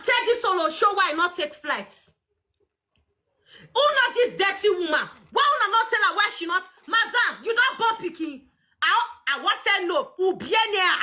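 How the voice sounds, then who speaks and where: A woman with a Nigerian Pidgin accent hosting a casual livestream, loud and mocking, often laughing and shouting. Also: extremely high pitch. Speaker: livestream host.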